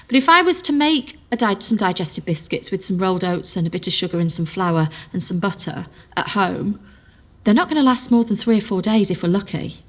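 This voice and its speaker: A woman, a nutritional therapist, talks through dietary fats in a clear, explanatory way. She draws on homely everyday examples, and her voice sits at an ordinary middle pitch. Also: expressive, fairly quick. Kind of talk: explanatory talk.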